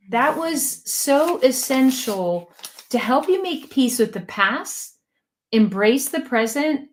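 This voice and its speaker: Brief: middle-aged woman co-host, slightly high voice, effusive and emotional. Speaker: podcast co-host. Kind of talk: casual interview chat.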